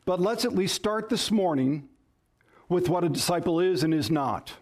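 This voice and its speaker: A male pastor delivers a sermon with a somewhat high voice. He preaches emphatically, slowing down and stressing single words to drive each point home. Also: expressive. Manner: emphatic, varies stress and pace for effect.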